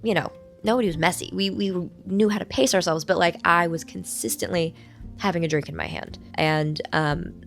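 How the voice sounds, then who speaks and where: Hoarse lady rambling to camera from a hotel room, kinda low and gravelly, goofy and self-mocking. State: hoarse, recovering voice. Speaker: vlog host. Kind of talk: casual chat to camera.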